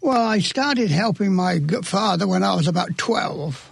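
A man's voice: high-pitched, expressive, moderate pace, gravelly, slightly rough, no echo. A man in his eighties with an English accent, a guest gardener answering questions plainly in a radio studio. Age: 80s. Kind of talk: casual radio interview.

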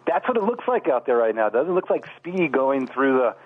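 A man's voice: medium pitch, big pitch swings, quick pace, slightly rough. Weather guy calling in, rambly and playful, thin tinny phone sound. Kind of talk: casual on-air banter.

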